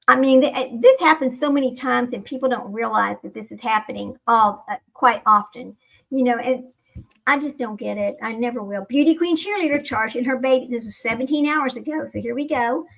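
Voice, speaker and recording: A woman's voice: fairly high pitch, a little fast, creaky. A woman hosting her own channel, chatting casually and rambling in a distracted, incredulous way while she looks for videos. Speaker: channel host.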